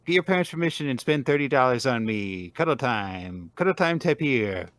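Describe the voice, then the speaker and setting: A man voicing a sugary tapir mascot with a sing-song sales pitch. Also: lively intonation, moderate pace, fairly bright tone, close to an everyday voice. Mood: syrupy.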